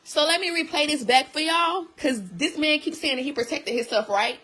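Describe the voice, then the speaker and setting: A woman's voice: high-pitched, normal speed, pushed and bright, a little hiss or hum, rough recording. A woman venting to her viewers on a live stream, emphatic and full of repeated rhetorical questions.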